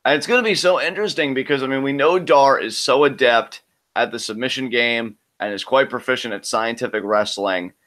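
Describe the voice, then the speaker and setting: Bright-voiced man calling a live reaction. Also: medium pitch, brisk. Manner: analytical, talks through predictions with many "I mean"s. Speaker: co-host of a wrestling reaction show.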